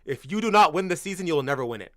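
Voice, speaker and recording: A man's voice: a little high, expressive, very fast, no echo, studio quality. Slangy young man ranting on stream. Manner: slangy and blunt, calls everyone bro, swears freely; gets loud and incredulous in bursts. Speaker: football fan streamer. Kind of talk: casual livestream chat reacting to viewers.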